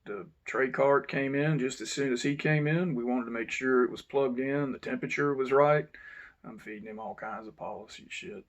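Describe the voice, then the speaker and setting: A man's voice: medium pitch, normal speed, muffled recording. A man, a former correctional officer, telling a frank, blunt story with the occasional curse. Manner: blunt, frank, swears now and then. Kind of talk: casual first-person storytelling.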